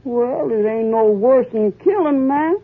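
An actress playing a coarse, bossy young wife, in an old-time radio drama. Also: female voice, a little high, expressive, a little slow, husky, heavily acted. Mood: defiant. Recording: tinny old radio broadcast.

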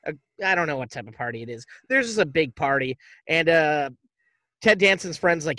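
A man co-hosting a podcast, casually retelling a movie plot in a rambling, profane way and tossing off quick impressions of the characters. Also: a little high, lively intonation, pushed and bright, no room sound, low-quality recording. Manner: rambling, profane, acts out quotes loosely. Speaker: podcast co-host. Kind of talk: casual movie recap chat.

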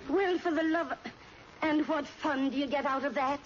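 Woman as scolding mother, exasperated, high voice, dull 1940s radio sound. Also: steady tone, moderate pace, close to an everyday voice. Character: Chester's mother, nagging middle-aged woman. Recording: dull hissy old radio recording.

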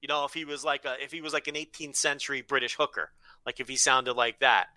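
A man co-hosting a podcast in casual chat, animated and profane, often slipping into quick impressions. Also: mid-range voice, dry recording. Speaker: podcast co-host.

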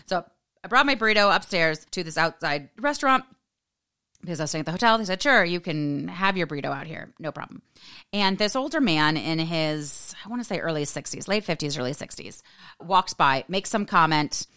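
A low, smooth-voiced American woman in her forties, chatting through a personal story on her podcast. She is sassy and animated and mimics the people she quotes, and her voice stays clear and resonant. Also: fairly quick. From United States. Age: 40s. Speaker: podcast host. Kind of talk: casual storytelling monologue.

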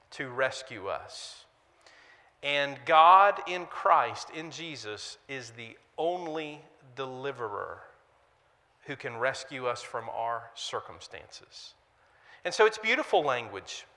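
A man preaching a sermon and leading prayer as pastor, with emphatic rhetorical questions and pauses. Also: on the high side, pushed and bright, in a large hall.

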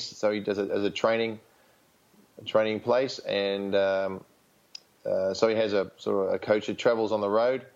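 A man's voice: fairly low pitch, vocal fry, highs cut off. An Australian man speaking as a tennis coach in an interview, frank and rambling, with many fillers and restarts. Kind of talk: casual interview storytelling.

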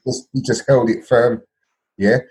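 A man's voice: medium pitch, fairly even intonation, a little slow, darkish tone. A man, co-hosting a casual podcast and telling a football story, checking in with "yeah?" and "bro". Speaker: podcast co-host. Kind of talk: casual chat.

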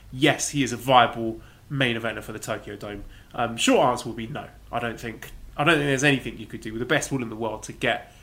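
A man's voice: medium pitch, sharp tone. A man co-hosting a casual wrestling podcast, wryly reading out listener questions and answering them. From Britain. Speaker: podcast co-host.

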